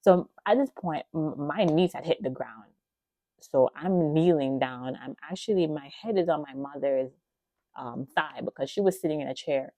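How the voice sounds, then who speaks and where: A woman hosting a podcast, telling her faith testimony in an emotional, animated way, with gasps and many casual fillers. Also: low voice, normal speed, no room sound. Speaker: podcast host.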